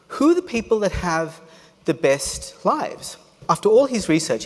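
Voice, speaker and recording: A man delivers a motivational keynote with a lively, swooping voice, pitched a little high. He tells stories with humor and drama. His voice carries a long hall echo. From Australia. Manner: animated storyteller, humorous asides. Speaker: keynote speaker. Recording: echoey hall.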